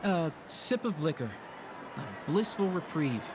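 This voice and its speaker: A giggly tipsy would-be poet. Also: female voice, low voice, expressive, a little slow, background noise. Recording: game audio with clear background ambience.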